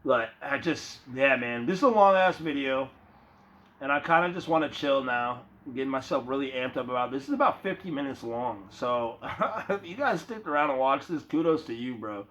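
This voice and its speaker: At a normal pace, a young male vlogger speaks expressively in a mid-range, slightly bright voice. Casual and rambling, he swears, uses slang and calls his viewer "bro," all recorded as dull lo-fi phone audio.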